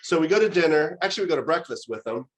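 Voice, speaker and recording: A middle-aged man giving a conversational university lecture on parenting, telling stories in an animated way with frequent fillers and restarts. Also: a little high, rapid-fire, poor audio.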